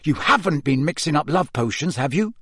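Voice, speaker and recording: A man's voice: on the high side, lively intonation, brisk, fairly bright tone, slightly rough, no room sound. A jealous, hot-tempered schoolboy wizard, voiced by a male narrator, speaks in agitated, hissing bursts. His voice is pushed well above the narrator's own. The sound is close and dry.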